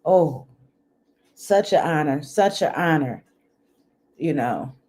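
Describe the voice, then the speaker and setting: An older woman speaking in chats with viewers over her computer mic. Her delivery is unhurried, and her pitch swings widely as she greets people and laughs. She sometimes drops her voice to keep things quiet at home. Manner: chatty, animated, laughs often; talks softly at times. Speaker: livestream host. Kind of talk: casual chat with viewers. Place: home, indoors. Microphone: computer microphone.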